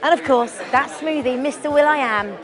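A woman's voice: high voice, moderate pace. A woman presenter interviewing two judges with chirpy, teasing questions. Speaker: entertainment interviewer. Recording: crowd behind.

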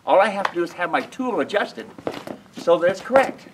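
A man's voice: sits high, sing-song, brisk, noisy background. A man demonstrating mule halter training outdoors at a ranch, folksy and emphatic, who keeps asking his listeners questions.

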